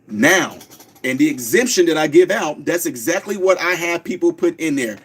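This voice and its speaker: Fast-talking, high-voiced man radio host. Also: animated, slightly rough. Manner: preachy, emphatic, repeats words slowly for stress. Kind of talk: fast call-in radio talk, streamed live.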